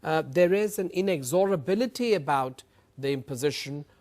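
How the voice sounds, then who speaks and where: A man, a lawyer on a TV panel, making his case in deliberate, formal legal phrasing. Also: a little high, lively intonation, darkish tone. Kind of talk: panel debate argument.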